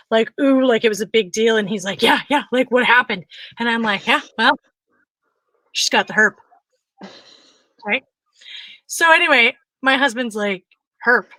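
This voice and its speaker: Bright, animated woman telling a story. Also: a little high, dry recording. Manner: animated, frequent laughter, acts out quotes. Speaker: podcast co-host. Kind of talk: casual comic storytelling.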